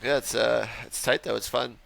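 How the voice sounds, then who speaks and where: A man hosting a casual podcast chat, relaxed and thinking aloud with fillers. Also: mid-range voice, normal speed, gravelly. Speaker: podcast host.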